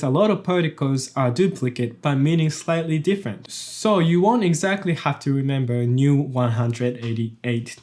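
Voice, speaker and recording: Man, language teacher, fairly high, lively intonation, step-by-step explaining. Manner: explains step by step, repeats each example sentence twice. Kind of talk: explanatory video lesson.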